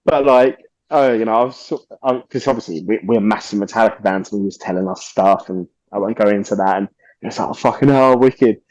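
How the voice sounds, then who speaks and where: A man's voice: fairly low pitch, fairly even intonation, fairly quick, darkish tone, dry recording, highs cut off. A man, a podcast guest telling stories casually, animatedly acting out quotes and swearing freely.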